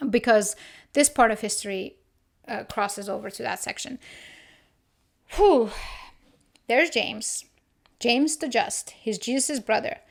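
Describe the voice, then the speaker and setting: Woman, podcast host, casual solo talk, slightly high voice, thinks aloud, quick laughs. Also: gravelly.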